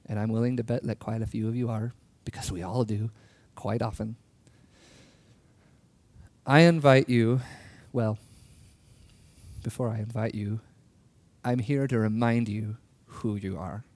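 A man giving a sermon, telling a personal story in an earnest way with soft laughs, and slowing down to stress key words. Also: on the low side, fairly even intonation. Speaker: preacher.

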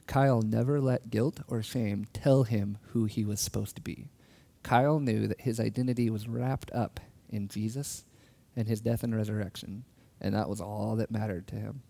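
A man giving a sermon, telling a personal story in an earnest way with soft laughs, and slowing down to stress key words. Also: lowish voice, steady tone, creaky. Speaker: preacher.

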